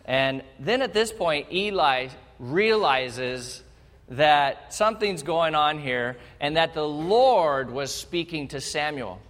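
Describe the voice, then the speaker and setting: A male pastor preaching a sermon, telling the story with animated energy and speaking straight to the congregation. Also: on the high side, slow. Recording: long hall reverb.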